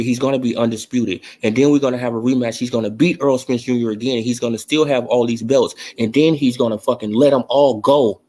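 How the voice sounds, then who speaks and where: A man with a darkish, mid-range voice hosts an informal boxing show, firing back at viewers in the chat. He's profane, slangy and heated, stressing his opinions hard.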